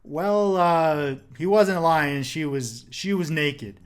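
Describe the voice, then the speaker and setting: Brief: a man playing a deadpan police partner, dry and halting. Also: fairly high pitch, smooth.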